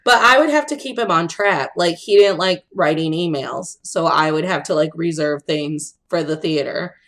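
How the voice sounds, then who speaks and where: A young adult woman co-hosting a podcast, telling an animated story in a casual chat, acting out quotes and laughing often. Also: sits low, normal speed. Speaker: podcast co-host.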